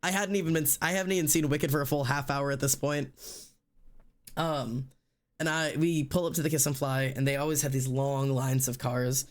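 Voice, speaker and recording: In a mid-range, steady voice at a moderate pace, a man streaming in casual chat rambles through a story. Fillers pile up as he performs other people's lines.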